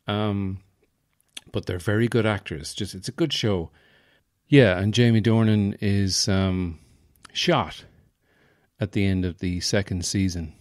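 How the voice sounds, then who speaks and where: A man's voice: low voice, darkish tone, dry recording, studio quality. Rambling, jokey male podcast host. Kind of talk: casual chat.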